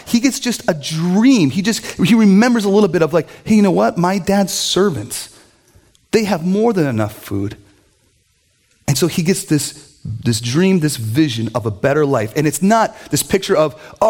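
With a slightly high voice, a middle-aged pastor tells stories animatedly during his sermon and mocks the people he quotes by putting on voices for them.

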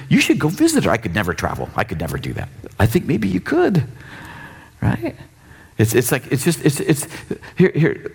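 Animated, husky-voiced man preaching. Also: on the high side. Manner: casual, animated preaching with acted-out quotes. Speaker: pastor. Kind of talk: sermon.

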